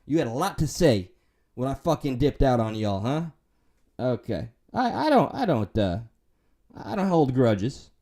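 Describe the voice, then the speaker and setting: A man's voice: medium pitch, big pitch swings, measured pace, mellow. Man, New York accent, casual livestream chat, profane, rambling, candid. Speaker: livestream host reading chat.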